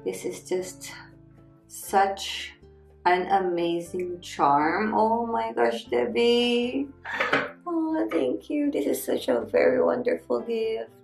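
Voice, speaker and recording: A woman unboxing gifts for her vlog, unhurried and gushing with delight, thanking the sender again and again. Her voice rings in an echoey room with faint music underneath. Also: a little high, vocal fry. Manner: gushing, excited, thanks repeatedly.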